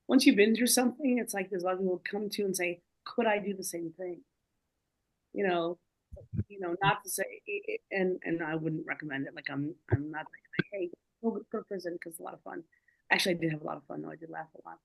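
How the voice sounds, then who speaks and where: Gravelly woman telling a long story, lots of um and like, lively and all over the place. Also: on the low side, brisk, poor audio. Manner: animated, digressive, many fillers. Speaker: guest speaker. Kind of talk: casual storytelling.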